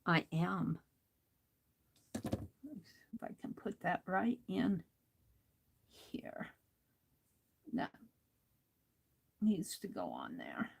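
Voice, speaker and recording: A woman's voice: mid-range voice, vocal fry, a little mellow, rough recording. An older woman hosting a crafting livestream, talking to herself as she works and chatting with viewers, laughing often. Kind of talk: casual crafting chat while reading viewer comments.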